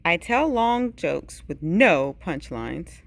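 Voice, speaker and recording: A woman reads a bedtime picture book aloud in an unhurried, storytelling rhythm, her voice rising and falling in wide, lively swings. A gravelly edge of vocal fry creeps into her lower notes, and now and then she drops to a hushed whisper for effect. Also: noisy background. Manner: dramatic storytelling with sudden hushed whispers and big pitch swings. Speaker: teacher reading aloud.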